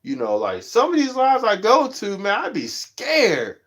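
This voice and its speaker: A man hosting his own livestream in loose, slangy casual chat, animated when he tells a story and a bit stuffy from allergies. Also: unhurried, slightly rough. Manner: animated storytelling, jumps high when quoting others; slangy, says "you know what I'm saying" often. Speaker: livestream host.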